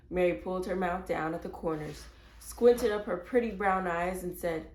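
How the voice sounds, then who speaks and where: A woman reading a children's chapter book aloud in a clear, measured storytelling voice. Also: deep voice, steady tone, a little mellow, echoey room.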